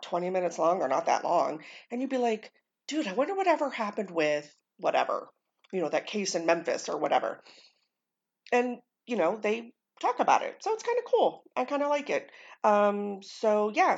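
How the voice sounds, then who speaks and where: A woman's voice: medium pitch, creaky, lo-fi sound. An American woman hosting a casual solo podcast, rambling through her thoughts with lots of ums and casual swearing. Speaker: podcast host.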